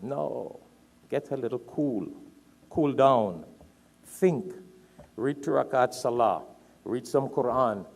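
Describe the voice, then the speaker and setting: A man's voice: medium pitch, slow pace, creaky, long pauses. A man from Trinidad preaching a sermon, telling stories with emphatic repetition. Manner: animated storytelling, emphatic repetition. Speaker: Islamic preacher.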